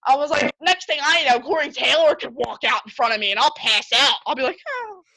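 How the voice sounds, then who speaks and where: A man telling an excited story as an interviewed concert fan, repeating words and acting out what he said. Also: very high voice, brisk, crowd noise, poor audio. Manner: breathless, repeats words, acts out his own quotes.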